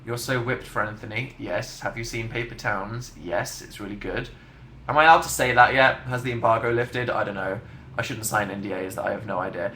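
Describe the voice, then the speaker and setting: A man's voice: fairly low pitch, fairly quick, sharp tone, echoey room, slight background noise. A young man hosting a casual livestream, chatting in a dry, self-mocking way as he answers viewer comments. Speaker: livestream host.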